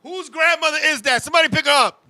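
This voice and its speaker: A man hosting a talk show, telling profane, animated comic stories in casual chat and constantly addressing his co-host. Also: extremely high pitch, quick pace, no room sound.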